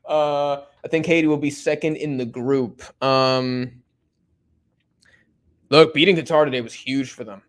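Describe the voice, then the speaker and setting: Young man, live stream host, casual slang chatter, fillers, mid pitch. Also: unhurried. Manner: laid-back slang-heavy chatter, many fillers. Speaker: watch-along streamer. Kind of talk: casual live stream commentary reading chat.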